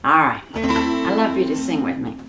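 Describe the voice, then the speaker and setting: A woman reading a picture book aloud to children in a slow, expressive, gentle way. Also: low voice, echoey room, loud music behind the voice. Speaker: children's storyteller.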